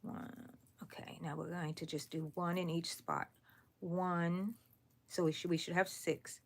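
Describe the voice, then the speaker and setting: A woman hosting a live crochet stream, chatting casually with viewers while she works and counting her stitches out loud. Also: on the low side, flat delivery, unhurried. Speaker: crochet channel host. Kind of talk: live crochet tutorial chat.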